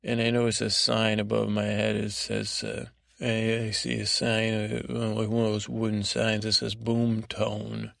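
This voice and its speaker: Male podcast host, low and gravelly, flat delivery, halting and meandering storyteller, dry close recording. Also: no echo. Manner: meandering, halting, self-interrupting. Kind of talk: rambling improvised bedtime storytelling.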